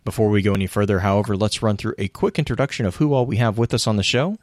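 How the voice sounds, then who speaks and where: A man's voice: lowish voice, racing, a little mellow, no room sound, studio quality. A man hosting a casual online podcast, reading sponsor notes and then chatting loosely with restarts. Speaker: podcast host.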